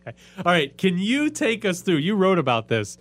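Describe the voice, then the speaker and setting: A man's voice: high-pitched, wildly swooping pitch, moderate pace, a bit bright, soft background music. A man hosting a casual chat, asking questions in an easygoing way.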